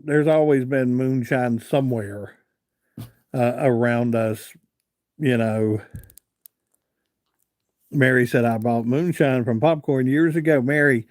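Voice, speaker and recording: A man from Virginia, USA, with a mid-range voice hosts a casual live stream, telling rambling, folksy stories. He reads viewer comments aloud and responds to them. The sound is studio quality with no echo.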